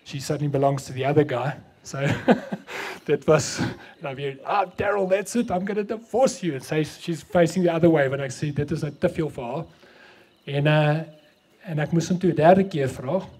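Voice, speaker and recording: Afrikaans-accented man preaching, husky and mellow. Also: on the high side, steady tone, moderate pace. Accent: South African, Afrikaans. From South Africa. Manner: switches between English and Afrikaans, storytelling. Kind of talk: sermon.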